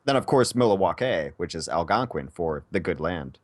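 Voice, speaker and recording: A man's voice: sits low, lively intonation, moderate pace, no room sound. A man from Wisconsin casting an esports match, chatting and joking between games. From Wisconsin, USA. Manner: joking, chatty, laughs often. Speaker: esports caster. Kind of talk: casual chat between matches.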